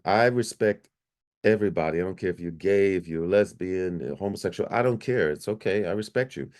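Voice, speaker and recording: A middle-aged man recounting his near-death experience in a lively, repetitive storytelling way, restarting sentences often. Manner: animated, jumps higher when quoting himself; repeats himself, restarts often. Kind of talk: personal storytelling.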